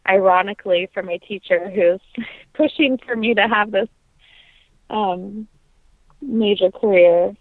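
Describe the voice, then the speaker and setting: A young woman, a trained singer, reflecting earnestly in an interview, pausing often with ums and restarts. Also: medium pitch, dry recording. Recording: dry, tinny phone-like line.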